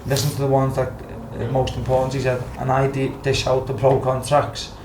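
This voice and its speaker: A man's voice: mid-range voice, monotone, fairly quick, a little mellow, slight background noise. Scouse man telling football stories. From Liverpool, England. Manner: swears freely, acts out quotes. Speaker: podcast guest, former footballer. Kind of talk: casual storytelling. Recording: roomy with faint background ambience.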